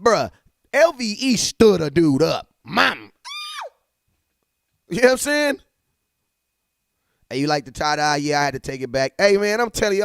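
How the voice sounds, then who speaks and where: A man's voice: fairly high pitch, clean tone, no room sound, studio quality. Hyped slangy young man streaming fan talk. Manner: hyped, slangy, talks straight to chat with shout-outs. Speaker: livestream sports talk host. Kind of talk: casual fan livestream chat. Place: home setup at a computer.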